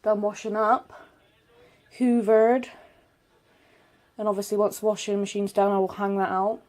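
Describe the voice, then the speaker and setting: A woman's voice: mid-range voice, level tone, moderate pace, darkish tone. A young heavily pregnant woman chatting casually to camera at home, chatty and self-deprecating. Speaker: vlogger. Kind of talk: casual vlog chat to camera. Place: home, indoors, washing machine running. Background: washing machine hum.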